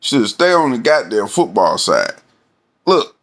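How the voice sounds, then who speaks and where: A man's voice: mid-range voice, sing-song, measured pace. A man ranting casually about his team, rambling and profane, with many fillers. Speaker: sports fan vlogger. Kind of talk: casual fan rant.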